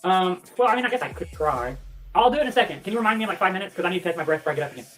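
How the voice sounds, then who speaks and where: A woman's voice: fairly low pitch, expressive, racing, soft background music. Breathless, blunt woman chatting on a livestream. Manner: blunt and profane, reading and answering viewer comments. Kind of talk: casual livestream chat.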